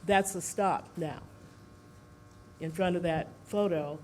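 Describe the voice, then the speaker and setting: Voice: medium pitch, a little mellow. Speaker at a seminar, kinda out of breath, lots of uhs, keeps asking the crowd stuff, faint hiss behind. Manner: halting, many fillers, asks the audience questions. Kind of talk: informal public talk to an audience.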